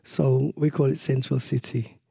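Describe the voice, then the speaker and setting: A Birmingham man with a Jamaican-tinged Brummie accent chats at an easy pace as an interview guest. His voice is dark and husky, and he drifts from point to point with a ready laugh. The recording is close and dry. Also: mid-range voice, flat delivery, normal speed, no echo. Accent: Birmingham English with Jamaican patois influence. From Birmingham, England. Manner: rambling, laughs often, tags with "you know". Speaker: sound system founder, interview guest. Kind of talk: relaxed conversational interview.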